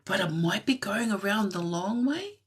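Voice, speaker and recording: A woman giving a live-stream tarot reading in a soft, musing way that drifts into whispers, with frequent light laughs. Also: mid-range voice, animated, moderate pace, husky. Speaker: tarot reader.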